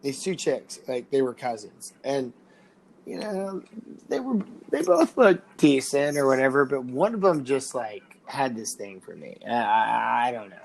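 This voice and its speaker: A young man rambles through a story on a casual podcast, stopping and restarting and padding his talk with fillers. He swears freely and keeps the delivery loose and conversational. His voice sits at an ordinary middle pitch. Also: animated, a little slow, gravelly, rough recording. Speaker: podcast co-host.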